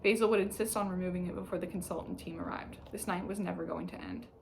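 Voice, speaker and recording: A woman reading a novel aloud in calm, even narration. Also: fairly low pitch, fast talker, vocal fry, a little hiss or hum, poor audio. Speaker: audiobook reader.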